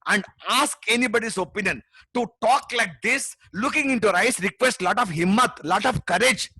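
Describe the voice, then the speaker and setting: A middle-aged man with an Indian English accent, giving a passionate, pushy webinar sales pitch as a memory trainer, full of tag questions. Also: normal speed, pushed and bright, slightly rough, no echo.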